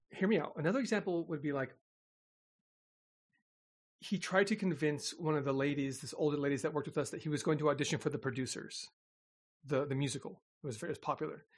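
A man telling a story in casual chat, animated and laughing often. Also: on the high side, fairly quick, long pauses.

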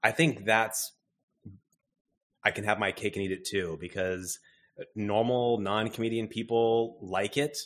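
A man's voice: lowish voice, steady tone, unhurried, long pauses, fairly bright tone. A man in casual chat, talking hesitantly with restarts. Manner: hesitant, many fillers and restarts.

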